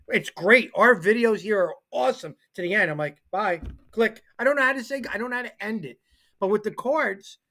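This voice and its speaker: A man in his forties co-hosting a sports talk show, telling rambling, self-deprecating stories in an excitable, casual way. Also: high-pitched. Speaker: co-host and football coach.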